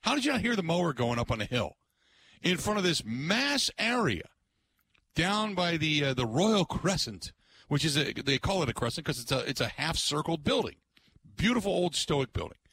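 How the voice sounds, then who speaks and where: A man's voice: on the high side, moderate pace, slight background noise. A man hosting a sports radio show, telling stories in a casual chat and laughing often. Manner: laughs often, animated storytelling.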